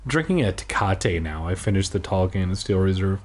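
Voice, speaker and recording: A man's voice: deep voice, lively intonation, brisk, few pauses, a little mellow. A young man reading a children's horror storybook aloud in a casual, irreverent way, ad-libbing crude jokes. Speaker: storybook reader.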